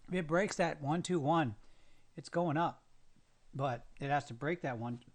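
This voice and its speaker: A man's voice: a little high, unhurried. A man with the hiccups doing live trading commentary and muttering to himself, frustrated and cursing. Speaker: day trader streaming his trades.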